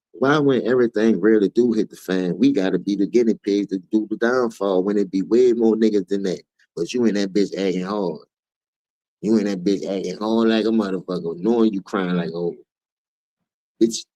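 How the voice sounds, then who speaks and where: A man's voice: fairly low pitch, a little mellow, dry recording, poor audio. Fired-up New Orleans man ranting. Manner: profane, fired-up, preachy. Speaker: streamer host. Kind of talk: heated commentary rant.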